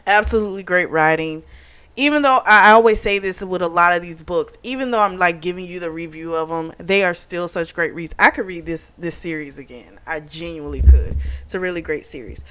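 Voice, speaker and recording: A woman's voice: fairly low pitch, a little fast, a bit bright, clean tone. Woman chatting about a book she loved, retelling scenes, plays the lines out as she goes. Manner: chatty retelling, acts out quotes with "she's like". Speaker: book reviewer. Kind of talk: casual book review chat.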